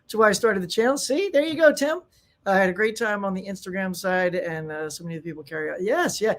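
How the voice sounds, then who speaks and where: A man hosting a casual live stream from home, chatting excitedly and greeting viewers by name. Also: sits high, a little fast. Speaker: channel host. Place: home room.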